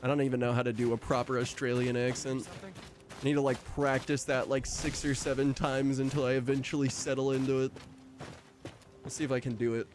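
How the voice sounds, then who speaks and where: A man's voice: medium pitch, level tone, brisk. A man casually commenting on his gameplay as a streamer, joking, laughing often and swearing now and then. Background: game music.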